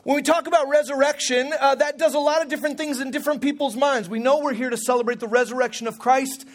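A man's voice: very high voice, fairly even intonation, fast talker. A man in his forties preaching a sermon as pastor, in a conversational, humorous way with frequent restarts. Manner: conversational, humorous, self-correcting.

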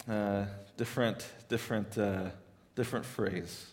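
A pastor preaching a sermon in a church, talking in a conversational way, often repeating words and rising into loud, pleading questions. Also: male voice, on the low side, fairly even intonation, a little slow, big-room sound, soft background music.

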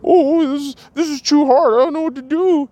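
A man putting on a squeaky, whining falsetto to mock a lazy complainer. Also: fairly even intonation, brisk, dark tone. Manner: mocking, whining, exaggerated.

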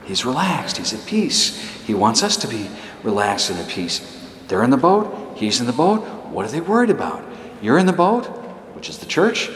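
A man's voice: medium pitch, sing-song, moderate pace. A man, a priest, preaching a sermon in an emphatic way, repeating short exhortations. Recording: echoey hall reverb.

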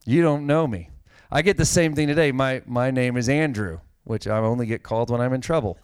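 A man's voice: medium pitch, a little fast, clear, resonant tone, dry recording. A middle-aged man, a pastor, preaching a conversational sermon and telling stories with growing animation. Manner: conversational, animated storytelling with a dry joke.

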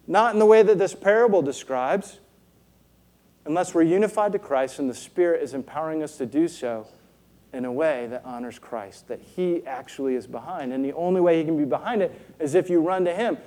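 Mellow-voiced preacher, earnest and rhetorical. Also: male voice, sits high. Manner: earnest, rhetorical, keeps asking "right?". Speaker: pastor. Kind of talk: sermon.

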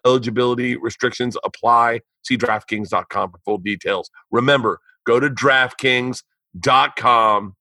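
A man's voice: mid-range voice, fairly even intonation, moderate pace, pushed and bright, no room sound. A man hosting a podcast, reading ads and chatting casually, loose and profane with stumbling restarts. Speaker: podcast host. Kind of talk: casual chat and read ads.

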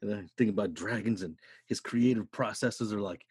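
A man's voice: lowish voice, normal speed, a little mellow, slightly rough, dry recording, studio quality. A man in his thirties hosting a podcast, telling casual stories in a laid-back way, full of swearing and "dude". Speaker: podcast host. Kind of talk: casual chat.

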